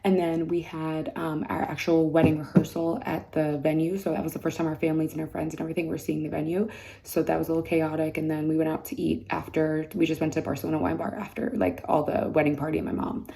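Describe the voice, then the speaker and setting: A woman rambling casually in a vlog, her voice going hoarse, with many fillers and "like"s. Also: deep voice, flat delivery, fast, warm tone. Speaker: bride vlogging her wedding week. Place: mud room indoors.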